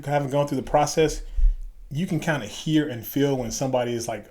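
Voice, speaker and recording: A middle-aged man from Chicago, a former Green Beret guest telling stories in a casual interview and acting out the people he quotes. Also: mid-range voice. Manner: animated storyteller, acts out quoted voices.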